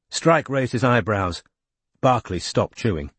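A male audiobook narrator with a low, husky voice, reading at a measured pace. The recording is close and bone dry, with no room sound. He keeps an even, steady delivery. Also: no echo. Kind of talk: scripted narration.

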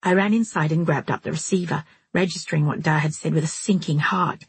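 Woman audiobook narrator, low and husky, steady delivery. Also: brisk, dry recording. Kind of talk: scripted first-person narration.

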